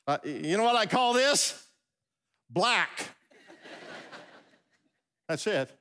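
In a large church hall with long reverb, a middle-aged male pastor delivers a humorous sermon, spinning a comic story full of asides and stumbling restarts. His voice is a little high and a bit bright.

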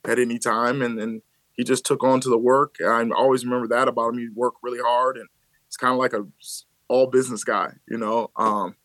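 A man in his thirties from the Chicago area, talking as a podcast guest about his coaching life. He tells stories in an animated, lively way, laughing often and acting out what others said. His voice is recorded dry and close. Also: mid-range voice, a little fast, no room sound. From Chicago area, USA. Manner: animated storyteller who laughs often and acts out quotes. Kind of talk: casual conversational storytelling.

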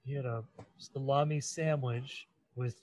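A man co-hosting a podcast in casual chat, cracking deadpan jokes in a relaxed way. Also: medium pitch, a little slow, no room sound, low-quality recording. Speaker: podcast co-host.

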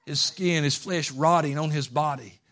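A male pastor preaching a sermon in a folksy way. His voice sits high and rings bright, and he moves between hushed asides and fervent pleading. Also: fairly even intonation, moderate pace. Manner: folksy, swings from quiet asides to impassioned pleading.

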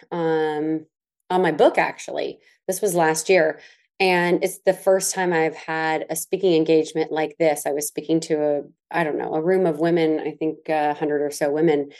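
A woman's voice: low voice, a little mellow. A woman co-hosting a podcast, chatting and telling stories, often agreeing. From Southern US. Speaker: podcast co-host. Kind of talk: casual chat.

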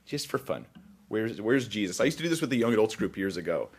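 A pastor with a somewhat low voice leads a Bible study in a loose, talkative way. He jokes at his own expense and laughs often as he goes through the passage. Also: big pitch swings, quick pace, gravelly, breathy edge. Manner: chatty, self-deprecating, laughs often. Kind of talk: conversational Bible teaching.

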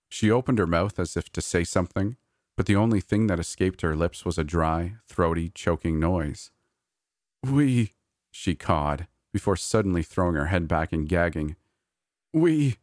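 A man narrating a scripted horror story in a measured, steady way. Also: low voice, no room sound, clean studio sound.

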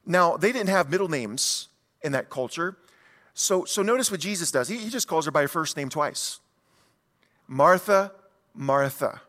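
A man preaching a sermon as a pastor, telling stories in an animated way and putting rhetorical questions to the congregation. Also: a little high, normal speed, long reverb tail.

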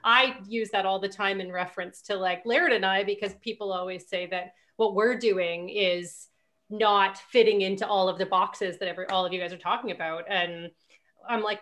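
A woman hosting a podcast, chatting casually with friends and telling stories quickly, with many restarts. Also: medium pitch, steady tone, fairly bright tone. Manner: rambling, fast storytelling with many restarts. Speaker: podcast host. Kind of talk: casual chat among friends.

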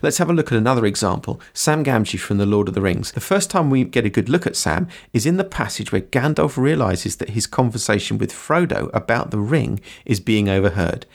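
A man hosting a writing podcast, explaining character in measured, scripted teaching narration. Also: fairly low pitch, lively intonation, vocal fry. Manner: measured, explanatory, quotes from books.

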